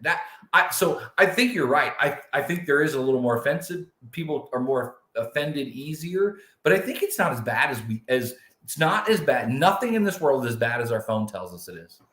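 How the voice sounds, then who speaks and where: A man's voice: a little high, fairly bright tone. Male podcast co-host from the United States, casual and conversational, echoey room sound. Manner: casual, with frequent restarts.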